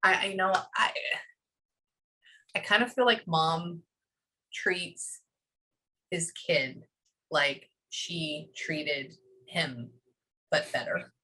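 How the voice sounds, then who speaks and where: A woman working as a psychic medium, relaying messages in a reading, often pausing with "hang on" before carrying on. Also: low voice, sharp tone. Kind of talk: one-on-one reading session.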